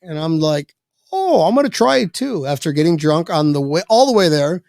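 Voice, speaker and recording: A man with a slightly high, gravelly, creaky voice spins a casual tale as a guest on a podcast, talking at normal speed. He is animated and profane, and he performs the voices of the people he quotes. There's no room echo; the sound is close and dry.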